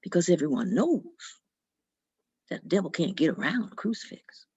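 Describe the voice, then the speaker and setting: A woman telling a folk tale in an expressive, dramatic storytelling manner. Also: on the low side, normal speed, slightly rough. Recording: dull lo-fi recording.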